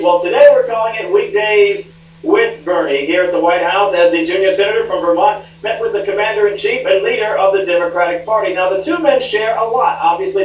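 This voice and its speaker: A man's voice: high-pitched, a little hiss or hum. A man reporting as a television news correspondent, chatty and wry. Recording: dull, roomy, distant rebroadcast.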